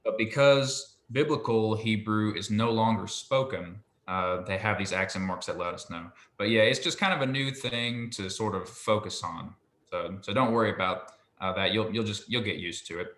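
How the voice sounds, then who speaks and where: A man's voice: fairly low pitch, moderate pace, fairly bright tone, echoey room. A man giving a casual one-on-one lesson, patient and a little hesitant, with frequent ums. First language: English. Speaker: Hebrew tutor.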